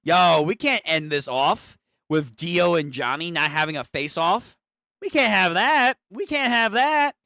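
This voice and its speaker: A young streamer reacting live to a manga, excitable and profane, often stammering and repeating words. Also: mid-range voice, measured pace, no echo, clean studio sound. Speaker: streamer reading a manga aloud.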